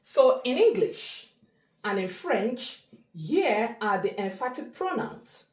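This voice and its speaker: A woman tutor walks through a French grammar lesson at an unhurried pace, carefully pairing each word with its meaning. Her pitch moves up and down a lot as she stresses points. The sound has a noticeable roomy echo. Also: sing-song, darkish tone. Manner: slow, deliberate teaching delivery, spelling out word pairs. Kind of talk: explanatory language lesson.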